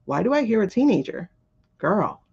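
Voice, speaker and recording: Gravelly-voiced woman chatting on a livestream. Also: mid-range voice, sing-song, moderate pace, darkish tone, highs cut off. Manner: rambling, chatty storytelling, reacting to viewer comments. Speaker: tarot reader and livestream host. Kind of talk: casual livestream chat.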